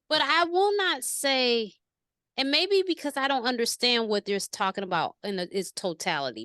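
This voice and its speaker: A woman chatting casually in an interview, telling stories in an animated, slangy way and asking questions. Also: lowish voice, clear, resonant tone, no echo, studio quality. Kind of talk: casual conversation.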